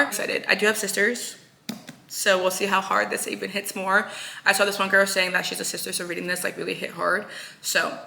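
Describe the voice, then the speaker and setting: A woman's voice: mid-range voice, vocal fry, pushed and bright, rough recording. A young woman chatting in a casual reading vlog, bubbly and gushing, with lots of "like" fillers, recorded at home. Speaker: book vlogger.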